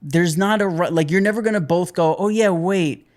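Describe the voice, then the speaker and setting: A man with a slightly high voice talks casually on a podcast, rambling and retelling little arguments. His delivery is loose and chatty. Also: moderate pace, a little mellow. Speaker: podcast co-host. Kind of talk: casual chat.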